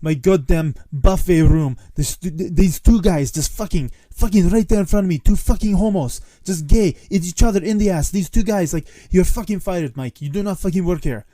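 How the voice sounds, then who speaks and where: Male comic impression of an old Greek restaurant owner, heavy Greek accent, livid, swearing, higher and louder than the speaker's own voice. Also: normal speed, hardly any pauses, no echo, close to an everyday voice. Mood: furious ranting. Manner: cursing, furious, shouting.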